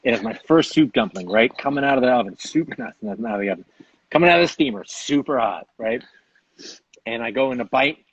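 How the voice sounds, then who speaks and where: A man casually telling a funny travel story, animated and laughing as he goes. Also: mid-range voice, brisk, husky, no echo, lo-fi sound. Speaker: co-host.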